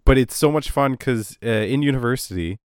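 A man with a sinus cold and a lowered voice, chatting casually and telling stories on a podcast. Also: brisk, smooth, no echo, clean studio sound. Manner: storytelling, animated. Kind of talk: casual chat.

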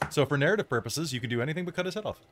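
A woman running a tabletop game as game master, narrating combat in vivid, measured detail. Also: sits low, lively intonation.

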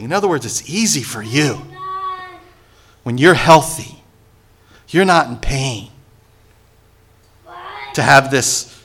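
A man's voice: mid-range voice, fairly bright tone. A man preaching a sermon, who reads scripture aloud, acts out its characters with sarcasm and asks the congregation for responses. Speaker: pastor.

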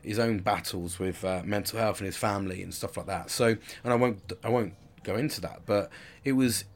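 A man's voice: on the low side, normal speed. A man in his forties talking candidly in a rambling personal monologue, with frequent restarts and casual swearing. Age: 40s.

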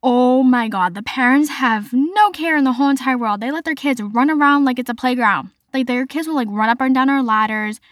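A woman's voice: high voice, fairly quick, hardly any pauses, no room sound, clean studio sound. A young woman hosting a podcast, telling stories in a chatty, casual way, full of "like" fillers. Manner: chatty, lots of "like" fillers, animated retelling. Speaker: podcast host. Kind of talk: casual storytelling monologue.

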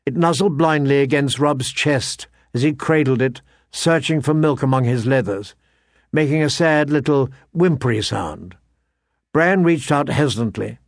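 Measured male audiobook narrator, close and dry. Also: medium pitch, no echo. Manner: measured, expressive storytelling. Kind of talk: scripted fantasy narration.

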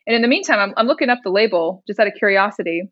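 Racing through her story in a mid-range voice, this young Indiana woman in her twenties, a songwriter and rapper, animatedly imitates the people she quotes and laughs a lot as a podcast guest. The recording has no room sound and its highs are cut off.

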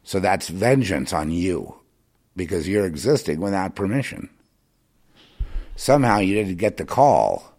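A low-voiced man with a gravelly, creaky edge talks straight to the listener in a rambling monologue. His pitch leaps and dips widely as he goes from low muttering to loud, emphatic ranting, tripping over repeated words and restarts. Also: expressive, measured pace, pauses often.

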